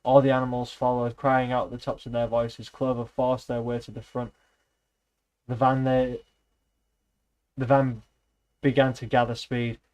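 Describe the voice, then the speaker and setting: A man's voice: medium pitch, little pitch movement, normal speed, long pauses, darkish tone, poor audio. A man reading a novel aloud in a loose, casual way, with slips and restarts. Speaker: reader, streamer.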